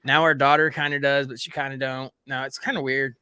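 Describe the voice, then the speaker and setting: A man's voice: medium pitch, little pitch movement, fairly quick, sharp tone, clean tone, no echo, studio quality. A man hosting a casual livestream hangout, rambling and often calling his viewers "guys". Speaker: livestream host. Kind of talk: casual group chat.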